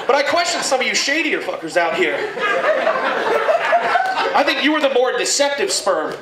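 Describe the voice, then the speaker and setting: High-voiced man doing stand-up. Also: normal speed, long pauses, recorded from a distance. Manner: crude, animated storytelling. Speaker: stand-up comedian. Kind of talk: stand-up comedy set. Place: packed comedy club. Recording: echoey room mic'd from afar, loud crowd laughter.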